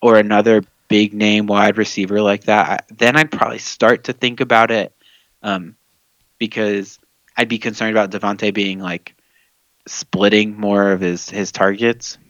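A man with a fairly low voice talks loosely on a podcast, hesitating with fillers and laughing easily. The sound is dry and a little dull. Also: level tone, normal speed, fairly bright tone, no echo. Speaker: podcast co-host. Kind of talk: casual fantasy football chat.

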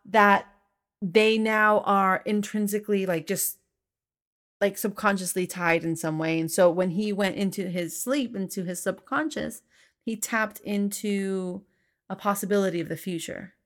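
A woman's voice: medium pitch, fairly even intonation, measured pace, fairly bright tone. A woman co-hosting a casual podcast chat about a film, emphatic and swearing freely. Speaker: podcast co-host reviewing a film.

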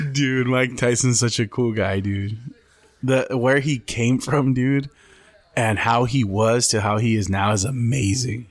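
Gravelly man chatting casually. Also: mid-range voice, a little slow, no echo. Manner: animated, profane storytelling. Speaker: podcast co-host. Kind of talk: casual chat.

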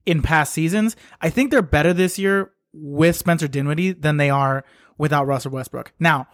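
A man with a slightly higher voice than most chats about basketball on a podcast. He talks conversationally, hedging and correcting himself mid-thought. The recording is dry and close. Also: no room sound. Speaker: podcast co-host. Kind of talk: casual sports chat.

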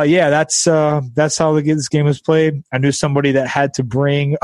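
A man's voice: a little high, darkish tone, no echo, studio quality. A young man hosting a podcast, telling a story in a rambling, casual way with lots of fillers and restarts, recorded at a friend's house. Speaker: podcast host.

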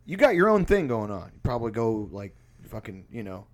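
A man's voice: on the low side, very animated, brisk. A man who plays music, telling a rambling, profane story in casual chat and laughing often.

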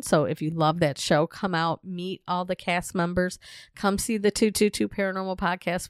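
A woman co-hosting a paranormal-style chat show, her voice a bit low and hoarse because it is giving out. She talks in a relaxed, chatty way, close to the mic, and the sound is dry with no room around it. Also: no echo. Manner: chatty, laughs often, friendly promo reads. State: losing her voice. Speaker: podcast co-host. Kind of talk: casual podcast chat.

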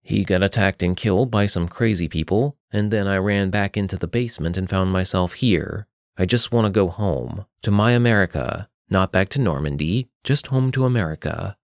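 A man voicing a lost young soldier in an audio story, talking in an earnest, hurried way. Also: low voice, dry recording, studio quality. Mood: pleading.

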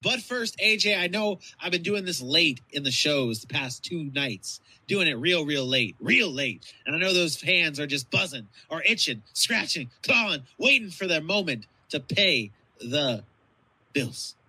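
A man hosting a sports podcast, playful and stretching his lines out through plugs and an ad read. His voice is husky yet very bright, with a lively, swinging pitch. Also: rough recording. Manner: playful, drawn-out repetition. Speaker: podcast co-host.

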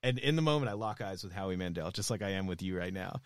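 A man's voice: deep voice, quick pace, no echo. Man telling a comic story, dry mic. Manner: lively anecdote-telling, swears casually. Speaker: podcast guest, comedian. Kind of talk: casual comedic storytelling.

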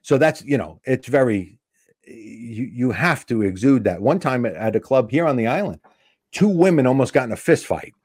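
At a normal speed and with a breathy edge to his mid-range voice, a middle-aged comedian recounts a story in casual podcast talk. He performs the voices of the people in it with animation, and the studio-quality recording has no room sound.

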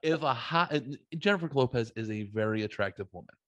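A man co-hosting a podcast speaks bluntly and with emphasis, often circling back and restarting his sentences. His pitch is average for a man. The recording is dry, with no room echo. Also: expressive, a little fast, fairly bright tone. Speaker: podcast co-host. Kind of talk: casual chat.

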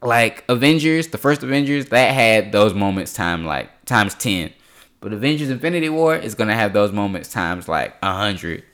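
A man's voice: on the low side, expressive, moderate pace, a bit bright. Young man hosting a loose podcast chat. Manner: loose, rambling, laughs a lot. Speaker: podcast host. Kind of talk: casual chat.

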